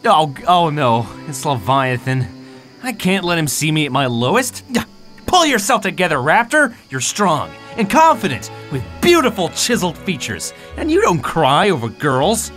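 A man's voice: fairly high pitch, sing-song, normal speed, fairly bright tone, soft background music, voice pushed down. A man voicing a lonely, lovesick male raptor who acts tough and slides into self-pity in a game machinima. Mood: sheepish. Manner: boastful then self-pitying, mumbling. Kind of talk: game machinima role-play.

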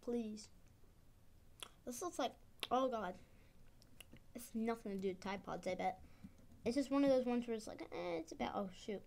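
A young woman casually commenting while she plays a video game, rambling and excitable, her speech slightly off from a dental expander. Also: on the high side, moderate pace, creaky, pauses often, slight background noise. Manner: chatty, excitable, rambling with fillers. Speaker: gaming video host.

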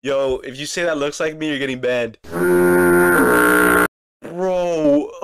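A young man streaming, reacting to clips with excitable, slangy chatter and frequent laughter. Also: fairly high pitch, takes it slowly, very noisy. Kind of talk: casual reaction stream chat.

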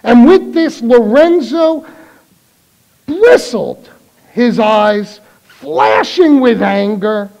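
Lively, slow-paced New preacher. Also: male voice, very high-pitched, vocal fry, poor audio. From New York. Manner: animated storytelling, rallying the congregation with questions. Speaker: pastor. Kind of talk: sermon.

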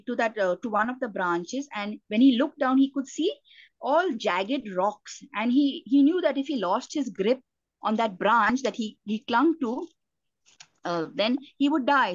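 A woman's voice: on the high side, animated, normal speed, no echo. An Indian woman preaching a sermon, earnest, often restarting her sentences with fillers. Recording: dull lo-fi, dry sound.

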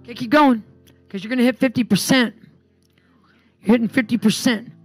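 A woman's voice: fairly high pitch, fairly even intonation, a little fast, slightly rough. Woman preacher, storytelling then commanding prayers, faint music behind. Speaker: preacher and healing minister. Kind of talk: sermon with storytelling and healing prayer.

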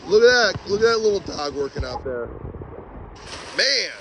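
A man vlogging outdoors by a pond, chatty and excited as he narrates while walking with a handheld phone. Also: sits high, background noise. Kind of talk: casual outdoor vlog commentary. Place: outdoors by a pond and beaver dam. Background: rushing water.

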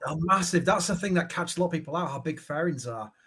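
A man co-hosting a live show in casual chat, telling things in a rambling, lively way. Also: on the high side, quick pace, husky. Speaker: co-host, managing editor.

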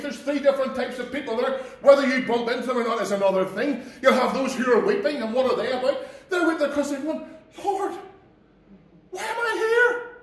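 A Northern Irish pastor preaches in a high-pitched, earnest and folksy way, talking straight to his congregation. His voice rings around an echoey church and is picked up from a distance off the mic. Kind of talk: sermon.

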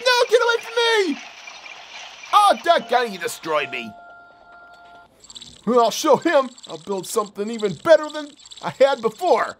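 A giddy male puppet gamer, as a performer puts him on, hosting game play for kids in a bouncy voice that swoops up and down. He giggles between lines and fills the action with boom and beep noises. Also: wildly swooping pitch, unhurried, pauses often, a little hiss or hum. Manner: giggling, shouting sound effects like boom and beep. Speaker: host.

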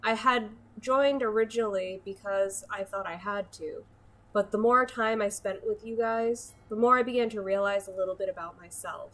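A young woman recording a heartfelt goodbye to her friends, as a woman voices her. Her voice sits at an ordinary middle pitch. She speaks earnestly and sincerely. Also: normal speed, fairly bright tone, natural voice. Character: young woman saying farewell in a video message.

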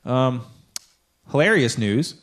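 A man's voice: mid-range voice, expressive, slow pace. Young man telling a rambling story. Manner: rambling storyteller, swears freely, acts out quotes. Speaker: podcast co-host. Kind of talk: casual chat.

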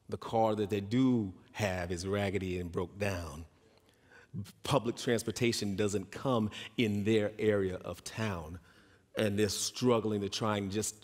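A man preaching a sermon, telling stories and acting out the voices of the people in them. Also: in a large hall. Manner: storytelling, acts out quoted voices in a raised pitch. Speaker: pastor.

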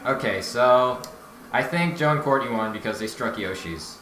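A young man doing casual esports play-by-play, knowledgeable and quick with game jargon, swearing casually. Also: mid-range voice, expressive, a bit bright. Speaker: play-by-play commentator. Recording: roomy echo with faint noise.

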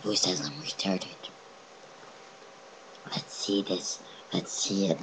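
A young man with a very deep voice riffs over a game in a slow, goofy, mock-dramatic way. He slides into whispers and then swings back up with lively pitch. The recording carries clear background noise. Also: rough recording. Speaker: gamer recording a video. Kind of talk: goofy casual game commentary.

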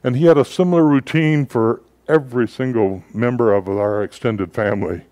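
A man giving a sermon as a pastor, telling stories in a relaxed, conversational way with frequent filler words. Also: mid-range voice, moderate pace, no echo.

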